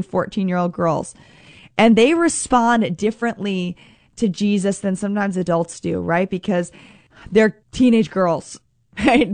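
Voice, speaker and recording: A young woman reads scripture aloud and then teaches on it in a warm-hearted, conversational way. Her voice sits in a middle range, and she slows down on the points she wants to stress. The recording is close and dry, with no room sound. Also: medium pitch, dry recording. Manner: earnest, conversational, slows for emphasis, acts out quoted voices. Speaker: Bible teacher. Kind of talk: Bible reading and devotional teaching.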